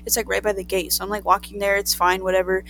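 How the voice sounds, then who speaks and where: A young woman from Southern California telling a crude, profane, animated story in casual chat among friends. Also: mid-range voice, fast, gravelly, a little hiss or hum, rough recording.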